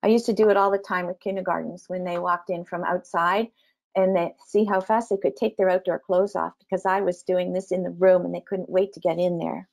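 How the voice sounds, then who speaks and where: A woman teacher trainer giving an online talk to parents, gentle and explanatory, with frequent ums. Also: lowish voice, level tone, fairly quick, gravelly.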